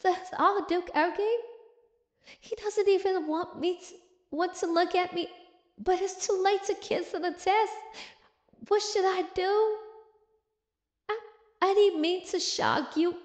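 A woman putting on a high, pleading young empress. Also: steady tone, a little slow, long pauses. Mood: anxious. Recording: roomy echo.

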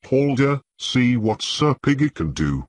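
A man's voice: medium pitch, big pitch swings, a little slow, no echo, voice pushed up. A man voicing a cold, sneering master-at-arms. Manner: taunting, contemptuous.

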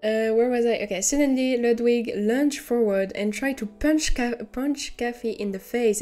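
A woman's voice: fairly high pitch, normal speed, few pauses, mellow, soft background music. A young woman with a French accent who is not a native English speaker, reading a story aloud on stream and breaking into giggly, amused asides.

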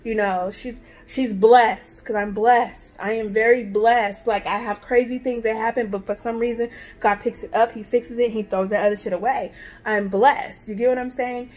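A woman's voice: a little high, steady tone, moderate pace. A mother talking straight to camera in a casual, heartfelt vlog, emphatic and repetitive, blunt and swearing freely. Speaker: vlogger, mother.

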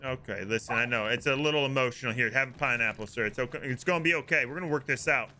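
A man's voice: medium pitch, quick pace. A man streaming a game, doing playful cop role-play in a mock-official, bantering, theatrical way. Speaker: streamer host. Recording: steady background noise.

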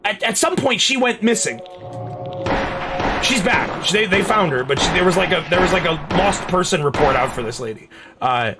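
A young man on a casual gaming stream, telling stories and reacting with swearing, shouts and laughter. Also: high voice, normal speed, loud music behind the voice. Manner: animated, profane, bursts into shouts and laughter.

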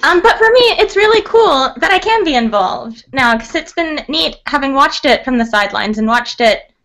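A woman from Canada, a writer guest on a podcast, chatting casually in a bubbly, excitable way and laughing often. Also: high-pitched, moderate pace. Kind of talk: casual chat.

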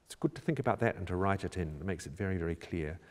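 A man working as a choir director, calmly explaining how to prepare a choral score in a measured, instructional way. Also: sits low. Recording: reverberant room with long echo.

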